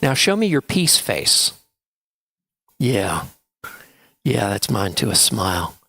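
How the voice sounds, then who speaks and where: Man, lively up-and-down voice, playful questions to kids, dry close sound. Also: fairly low pitch, slow, creaky, breathy edge, no echo. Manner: animated, playful questions to children. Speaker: minister leading a children's story. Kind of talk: children's story time in church. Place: church sanctuary.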